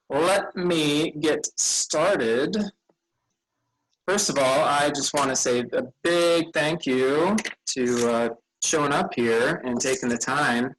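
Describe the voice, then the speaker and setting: A man's voice: mid-range voice, a bit bright, low-quality recording. A tired man leading a vacation Bible school session, chatting casually with children and rambling a bit as he loses his train of thought. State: tired, yawning.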